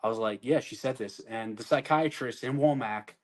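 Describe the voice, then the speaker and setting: A man's voice: mid-range voice, moderate pace, low-quality recording. Blunt, foul-mouthed man telling war story. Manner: blunt, heavy swearing. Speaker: army veteran telling his story. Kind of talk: candid casual storytelling.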